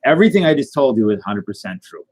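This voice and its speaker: A man telling a tall tale in a rambling, deadpan way, with many fillers and restarts. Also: medium pitch, rapid-fire, husky, low-quality recording. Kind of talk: casual tall-tale storytelling.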